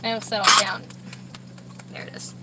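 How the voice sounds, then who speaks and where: A young woman chatting casually from a parked car, rambling, talking in a high baby voice to her dogs between asides. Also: little pitch movement, moderate pace, heavy background noise. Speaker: vlogger with service dogs. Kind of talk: casual chat.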